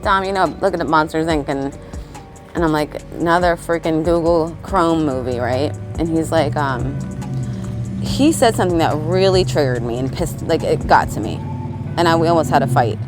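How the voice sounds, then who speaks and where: A woman vlogging outdoors in a scattered, casual monologue, swearing and laughing as she goes. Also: low-pitched. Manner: scattered, swearing, laughs often, talks to birds around her. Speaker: spiritual vlogger. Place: outdoors among birds.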